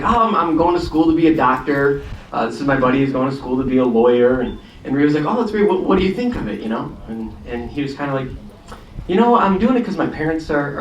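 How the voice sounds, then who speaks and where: A man's voice: mid-range voice, a little hiss or hum. A man casually telling a story to a congregation audience, chatty and self-deprecating, before playing guitar. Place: congregation hall. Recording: echoey hall, distant mic, guitar.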